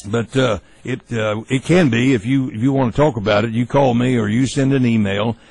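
A man hosting a talk radio show, giving opinionated commentary in a folksy, halting way with many fillers and restarts. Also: mid-range voice, fairly even intonation, gravelly, darkish tone, no room sound, faint music behind, poor audio.

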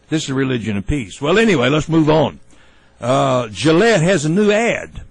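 A man hosting a talk radio show, giving opinionated commentary in a folksy, halting way with many fillers and restarts. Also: fairly high pitch, vocal fry, breathy edge, no echo, rough recording.

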